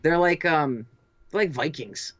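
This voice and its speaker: A woman's voice: low voice, expressive, a little slow, fairly bright tone, no room sound, muffled recording. Giggly, loose-talking woman co-host. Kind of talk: casual tipsy chat on a livestream.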